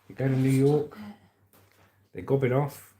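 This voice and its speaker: A man's voice: mid-range voice, level tone, a little slow, warm tone, slight background noise. An English man hosting a livestream, reading news aloud and chatting and joking with viewers' comments. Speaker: livestream host.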